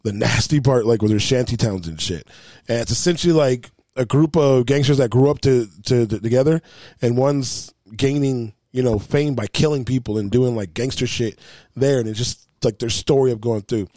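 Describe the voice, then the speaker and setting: A man's voice: mid-range voice, moderate pace, warm tone, no echo. A man in casual podcast chat, telling stories in a rambling, profane way.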